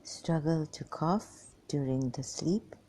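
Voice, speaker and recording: A tired, weak woman rambling through a personal monologue for her vlog in halting, broken phrases. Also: deep voice, dark tone. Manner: halting, fragmented speech with many pauses. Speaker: vlogger.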